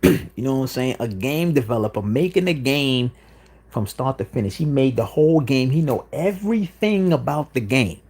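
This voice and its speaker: A man with a husky, darkish, mid-range voice hosts a livestream, speaking expressively at a moderate pace. His monologue is insistent and repetitive, peppered with "you know what I'm saying."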